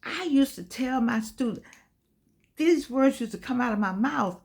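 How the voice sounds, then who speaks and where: An older woman gives an inspirational talk with the rhythm of a preacher. She repeats key phrases and tells stories with animated energy. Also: a little high, measured pace, vocal fry. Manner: animated preacher-like storytelling with repetition. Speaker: host.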